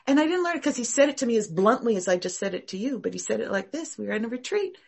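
Husky, slightly high woman; energetic, repetitive meditation teacher. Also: racing. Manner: emphatic, repetitive, animated. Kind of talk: casual class talk.

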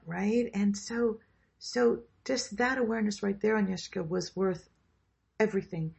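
A woman leading a group workshop who guides a grounding meditation in a slow, soothing way and then invites comments. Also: mid-range voice, steady tone, vocal fry, darkish tone, breathy edge. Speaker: workshop leader. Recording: dull lo-fi sound.

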